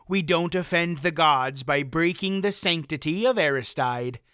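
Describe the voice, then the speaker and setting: A man voicing a stubborn, pious older male farmer who speaks firmly and flatly. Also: a little high, measured pace, clear, resonant tone, no echo, studio quality. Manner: firm, flat, stubborn.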